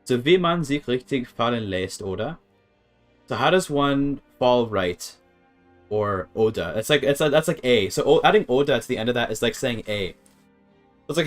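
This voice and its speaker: A man's voice: mid-range voice, lively intonation, normal speed, faint music behind. A man streaming a game, thinking aloud in a hesitant, casual way with many restarts. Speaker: streamer learning a language.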